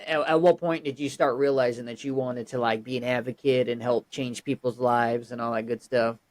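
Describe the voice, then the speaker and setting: A man hosting a podcast, asking questions in a halting, casual way with many restarts. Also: medium pitch, fairly even intonation. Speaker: podcast host. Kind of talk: casual interview.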